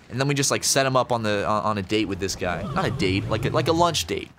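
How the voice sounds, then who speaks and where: A man's voice: fairly low pitch, animated, fast talker, few pauses, over music. A young man chatting on a podcast, telling a rambling story with lots of fillers and swearing. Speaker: podcast co-host. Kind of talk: casual storytelling chat.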